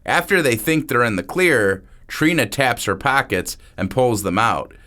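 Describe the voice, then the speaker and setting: Story narrator, man, slow pace, animated pitch.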